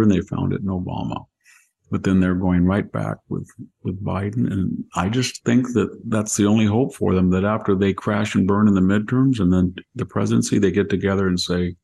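Gravelly older man, rambling commentary. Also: deep voice, moderate pace. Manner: long rambling explanations with animated quoted voices. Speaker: podcast host, commentator. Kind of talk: casual political talk.

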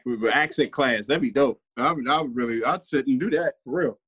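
A man's voice: mid-range voice, brisk, fairly bright tone, slightly rough. A young man co-hosting a podcast, hyped and slangy, joking around with the others. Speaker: podcast co-host. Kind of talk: casual chat.

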